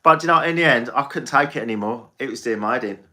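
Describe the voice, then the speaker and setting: English guy rambling to his live viewers, bright sharp voice, casual and sweary. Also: mid-range voice, fast talker. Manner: rambling, chatty, swears freely. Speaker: tarot reader and livestreamer.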